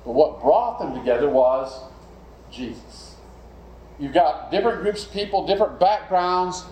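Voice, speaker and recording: A man's voice: a little high, normal speed, darkish tone, reverberant, low-quality recording. A man preaching a sermon in a conversational way, putting questions to his listeners. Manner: conversational, asks the congregation questions.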